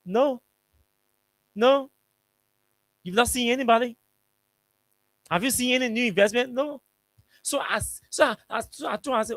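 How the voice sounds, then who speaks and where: A man's voice: high-pitched, sing-song, a little fast, pauses often, a bit bright. A man with a Liberian English accent, hosting a radio talk show and telling a story in a casual, emphatic way that repeats its points. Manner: repetitive, emphatic, colloquial. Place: radio studio.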